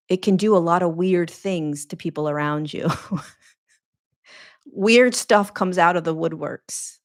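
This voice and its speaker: Low-voiced woman, earnest spiritual teacher. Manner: earnest, repetitive, emphatic, preaching cadence. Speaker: spiritual teacher and podcast host. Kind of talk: spiritual monologue.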